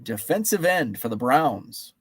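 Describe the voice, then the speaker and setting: A man's voice: mid-range voice, very animated, unhurried, husky, no room sound. A man hosting a live stream, running a guessing game with trading cards, reading out viewers' names and answers in a chatty, playful way. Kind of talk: casual live-stream chat.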